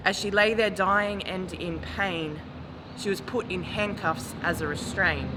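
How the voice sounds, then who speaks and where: Slow, grave woman reciting poetry. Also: fairly low pitch, steady tone. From Australia. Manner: measured, grave delivery rising to impassioned calls. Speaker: spoken word poet. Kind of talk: spoken word poetry. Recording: noisy recording with traffic ambience.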